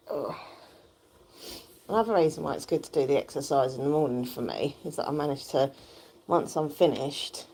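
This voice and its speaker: A woman chatting casually on a home livestream while pedaling an exercise bike, her voice croaky from just waking up, into a phone held close. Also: low voice, darkish tone, a little hiss or hum. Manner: chatty, rambling, laughs often while pedaling.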